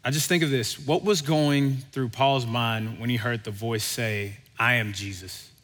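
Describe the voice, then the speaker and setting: A male pastor preaching a sermon, with relaxed, conversational delivery and animated storytelling. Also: medium pitch, measured pace. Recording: long hall reverb.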